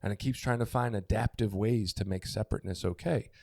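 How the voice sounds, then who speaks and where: A middle-aged man talks candidly on a recovery podcast in a gravelly, mellow voice that sits a little low. He gropes for words, restarts, and swears casually. The sound is dry and close. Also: quick pace, dry recording. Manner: open, searching, stops and restarts, swears. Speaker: podcast co-host.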